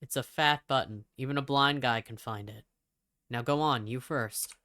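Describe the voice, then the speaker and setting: A woman reading the lines of an injured man who calmly guides the player through an escape in a horror game. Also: extremely low pitch, normal speed, dry recording. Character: steady injured male companion, urging the player on.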